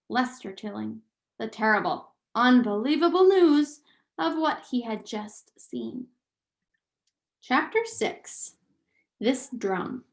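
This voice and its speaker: A woman reading a children's novel aloud, narrating in an expressive, deliberate way. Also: fairly high pitch. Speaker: reader. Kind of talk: storybook read-aloud narration.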